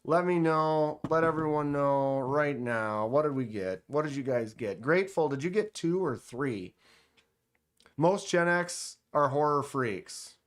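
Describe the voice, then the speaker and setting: A man runs a casual livestream from a table indoors, chatting happily with viewers and reading their messages aloud. His voice is smooth and clean. He takes his time, in an unhurried, easy flow. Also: on the high side. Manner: chatty, enthusiastic, reads chat aloud. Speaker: knife channel host.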